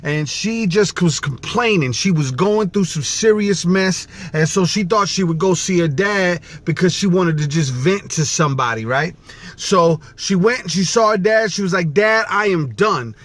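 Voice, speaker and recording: Man with a high voice, casual vlog storyteller, animated and chatty. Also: normal speed. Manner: casual, animated, repeats "right?".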